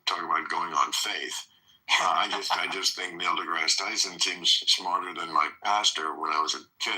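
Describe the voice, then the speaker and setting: Low-voiced guy hosting a podcast, stop-start talk, bright tone. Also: poor audio. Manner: halting, restarts a lot. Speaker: podcast host. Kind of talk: casual chat.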